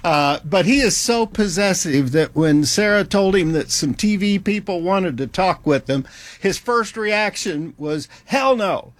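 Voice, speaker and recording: A man's voice: sits high, a little slow, no echo. A man hosting a talk show, wry and teasing, often chuckling between remarks. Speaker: host.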